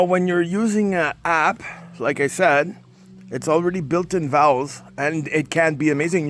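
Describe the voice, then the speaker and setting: Man, rambling casual monologue, a bit high-pitched. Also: a bit bright. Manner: rambling, repeats himself, emotional storytelling. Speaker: spirit communication vlogger.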